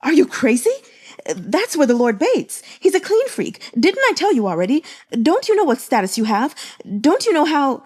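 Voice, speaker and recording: A woman voicing a flustered, gossipy male housekeeper who scolds in rapid-fire questions. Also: very high voice, very animated, dark tone, full character voice. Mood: alarmed scolding.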